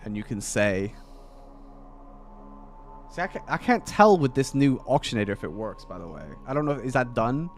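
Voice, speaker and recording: A man's voice: mid-range voice, big pitch swings, moderate pace, long pauses. Male streamer, casual rambling chat over a game, faint music behind. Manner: rambling, many fillers and restarts. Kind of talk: casual chat while gaming.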